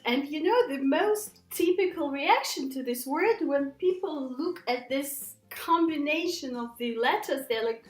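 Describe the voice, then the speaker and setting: A woman with a high, very lively voice gives a pronunciation lesson, taking her time and repeating each word for learners. Her voice rings a little in a roomy space. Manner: patient, repeats words slowly for learners. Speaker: English pronunciation teacher.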